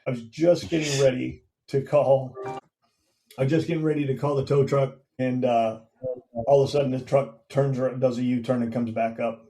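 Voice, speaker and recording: Mellow-voiced man in his fifties telling a story. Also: mid-range voice, steady tone, moderate pace, soft background music, rough recording. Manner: recounts events plainly, acting out quoted dialogue. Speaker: guest, veteran and former police officer. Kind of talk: conversational podcast storytelling.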